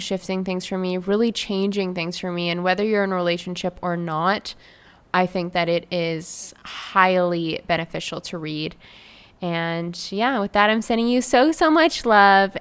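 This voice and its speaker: A woman's voice: mid-range voice, smooth. A young woman from Canada hosting her own podcast, telling a story in a chatty, effusive way with many fillers. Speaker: podcast host and life coach. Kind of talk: casual solo podcast storytelling.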